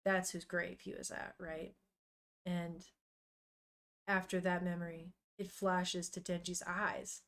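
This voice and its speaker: A woman's voice: fairly low pitch, flat delivery, slow, fairly bright tone. A young woman streamer chatting casually and emotionally while reading a comic aloud, swearing now and then. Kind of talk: casual live-stream commentary.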